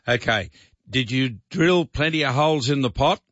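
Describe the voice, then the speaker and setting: A man with an Australian accent hosting a talkback gardening show, a little croaky, rambling with restarts and fillers. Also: mid-range voice, animated, normal speed, fairly bright tone, no room sound, lo-fi sound. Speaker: radio gardening show host. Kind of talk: talkback radio advice.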